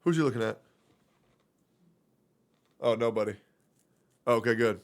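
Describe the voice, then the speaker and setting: Gravelly young man streaming casually. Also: medium pitch, a little slow, long pauses. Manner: casual, swears freely, coos in soft baby talk to his cat. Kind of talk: casual live-stream chat.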